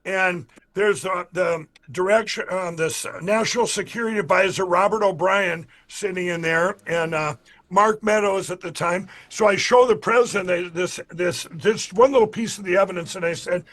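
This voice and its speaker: A man being interviewed, telling a story in a casual, animated way, acting out the dialogue and often restarting his sentences. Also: sits high. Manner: animated retelling, acts out quoted dialogue, frequent restarts; addresses the audience directly. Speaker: interview guest.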